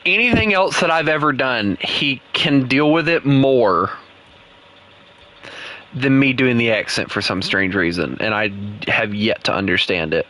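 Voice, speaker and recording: A man's voice: mid-range voice, animated, unhurried, sharp tone. A man with a Southern US accent streaming a game, chatting casually and teasing his co-players in a playful way. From Southern United States. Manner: playful, teasing, laughs often. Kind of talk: casual gameplay chat with co-players.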